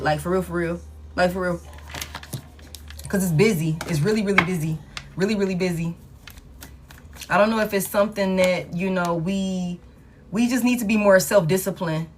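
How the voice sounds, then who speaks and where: A woman with a slightly low voice gives a casual tarot reading. She talks in a slangy, emphatic way and repeats her points to drive them home. Faint background noise sits under the voice. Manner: repetitive, emphatic, slangy pep talk. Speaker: tarot reader.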